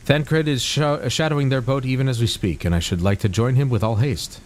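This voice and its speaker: A man's voice: medium pitch, a little fast, slight background noise, voice pushed up, close to an everyday voice. A man voicing a formal, earnest young male scholar from a video game, reading the dialogue aloud with occasional stumbles.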